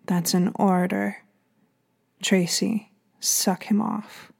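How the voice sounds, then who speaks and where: A woman voicing a stern, commanding woman detective who gives orders in a hushed, breathy voice. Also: medium pitch, level tone, very slow, heavily acted.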